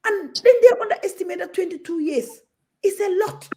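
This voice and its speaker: A woman's voice: extremely high pitch, fairly quick, mellow. A Gambian woman talking as a guest on a talk show, outspoken and passionate, moving freely between Wolof and English.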